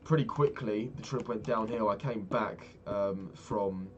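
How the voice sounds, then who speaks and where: A man's voice: on the low side, measured pace, lo-fi sound, a little hiss or hum. A young man chatting casually and rambling, swearing freely as he tells a story while playing a game. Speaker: vlogger. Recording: keyboard clicks and typing behind. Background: keyboard clicks.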